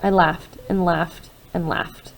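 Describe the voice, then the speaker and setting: A woman reading a first-person novel aloud in an expressive way, swinging between hushed and loud passages. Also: fairly low pitch, slow, creaky, rough recording. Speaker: audiobook reader.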